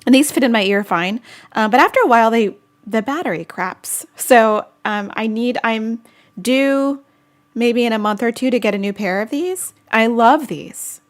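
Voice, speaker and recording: A woman with a slightly high voice chats casually on a live stream, giggling often as she answers viewer comments. Her talk is loose and rambling, full of little asides. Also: moderate pace. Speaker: vlogger hosting a live chat.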